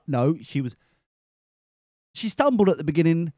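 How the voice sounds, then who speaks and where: A man's voice: a little high, sing-song, moderate pace, a little mellow, no room sound, studio quality. A man hosting a podcast, giving sarcastic, exasperated commentary over a news clip. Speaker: podcast host.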